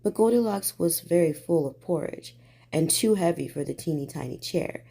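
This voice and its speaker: A woman reads a bedtime story in a gentle, soothing way. Her voice is mellow and warm, set a little low. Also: lively intonation, normal speed, creaky, slightly rough.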